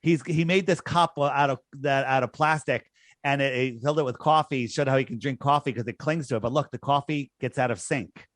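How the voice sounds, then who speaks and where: A man with a mid-range voice speaks fairly quickly in a dry, studio-quality recording. A guest on a podcast, he argues emphatically and scornfully, repeating his points for effect.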